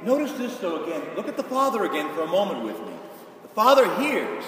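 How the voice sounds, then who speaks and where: A man preaching a sermon in a large church, emphatic and rising to shouts for stress. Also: high-pitched, sing-song, fairly quick, slight background noise. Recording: echoey hall from far off.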